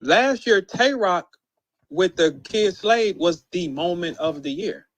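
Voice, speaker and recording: A man's voice: sits high, expressive, slow, no room sound. Profane ranting man, dry close sound. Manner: profane, incredulous, mocking, shouts quoted lines. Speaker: battle rap commentator. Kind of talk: heated ranting monologue.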